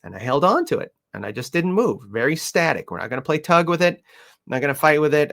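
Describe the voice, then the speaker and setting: Man, dog trainer, loose rambling chat, middle pitch, full of ums and restarts, softens to gentle coaxing. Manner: rambling, lots of fillers, coos softly when quoting himself to the puppy. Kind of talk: casual talk to camera.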